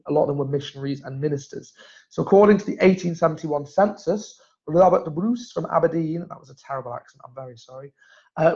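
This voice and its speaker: A man's voice: fairly high pitch, a little mellow. A man presenting family history in a casual, chatty way, often restarting his sentences. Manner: chatty, self-correcting, frequent restarts. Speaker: genealogy presenter. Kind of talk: casual live-stream talk. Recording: dull lo-fi stream audio.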